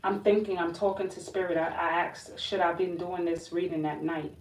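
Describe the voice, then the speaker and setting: A woman's voice: fairly low pitch, steady tone, moderate pace. A woman giving a casual tarot reading, uneasy and feeling weak, often breaking off and restarting. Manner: emotional, uneasy, talks to spirit and viewers, restarts often. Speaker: tarot reader. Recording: roomy echo from a distance with background noise.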